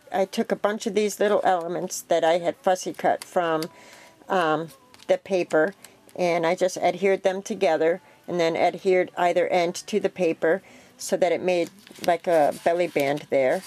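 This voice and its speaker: This relaxed craft vlogger talks through something she made at home, her slightly low voice drifting along with ums and frequent self-corrections. It feels like an easygoing show-and-tell at her craft table.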